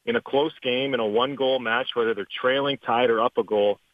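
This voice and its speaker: A Canadian man and former hockey player talks through the game in a relaxed, chatty way, now and then laughing. His voice comes through a tinny phone line. The sound is dry and close. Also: mid-range voice, brisk, dry recording. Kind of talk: phone interview, hockey analysis.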